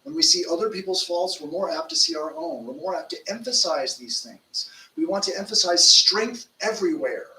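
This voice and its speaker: A man's voice: sits high, normal speed, few pauses, bright, forceful tone. A man in his fifties, a monk giving a conversational sermon, telling stories in an informal way with fillers. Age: 50s. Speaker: monk giving a spiritual talk. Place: temple lecture hall. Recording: roomy hall, distant mic, faint noise.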